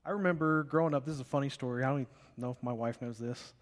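A young man preaching a sermon, telling biblical stories in an animated way and acting out the characters. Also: mid-range voice, very fast. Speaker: pastor. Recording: long reverb of a large hall.

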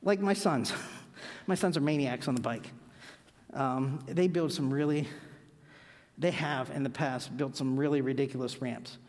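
A middle-aged man preaching a sermon, telling stories with lively, acted-out anecdotes. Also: mid-range voice, measured pace, pauses often. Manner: animated storytelling, acts out anecdotes. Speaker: pastor. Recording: long hall reverb.

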